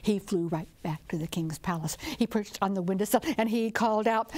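A woman storyteller and author telling a folktale in a rhythmic, drawn-out way, dropping into dramatic whispers. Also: medium pitch, darkish tone.

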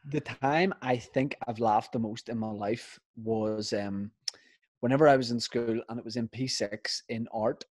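A man's voice: mid-range voice, steady tone, unhurried, darkish tone, no echo. A man co-hosting a podcast, telling rambling stories in casual chat, swearing and laughing as he goes. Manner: rambling storyteller, swears, laughs mid-story. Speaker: podcast co-host.

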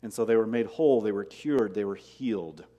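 A man's voice: on the low side, brisk, warm tone, long reverb tail. A man preaching a sermon as pastor, asking rhetorical questions and repeating key words for emphasis. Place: church sanctuary.

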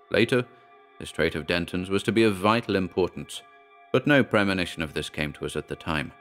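Man, very low voice, smooth and resonant, grave horror narration, faint music behind. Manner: measured, grave storytelling with quoted dialogue read plainly.

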